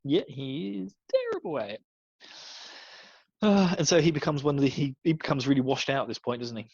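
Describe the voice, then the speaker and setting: Giggly man with a husky, muffled voice. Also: mid-range voice, very animated, brisk, a little mellow, no room sound. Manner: laughs often while talking, mimics characters. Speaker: podcast co-host. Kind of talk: casual podcast review chat. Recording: dull, slightly muffled dry mic.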